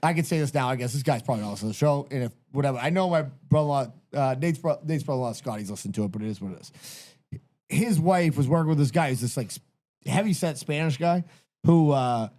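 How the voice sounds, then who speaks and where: A man's voice: medium pitch, lively intonation, fast, warm tone. A man co-hosting a casual podcast, telling rambling stories with a lot of swearing and laughter. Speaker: podcast co-host. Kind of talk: casual chat.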